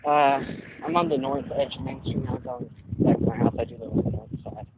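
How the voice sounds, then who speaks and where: A man's voice: mid-range voice, brisk, heavy background noise. Rambling young man on tinny phone audio. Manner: meandering, thinks aloud with many fillers. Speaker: vlogger. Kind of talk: rambling walking vlog. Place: outdoors walking along a street.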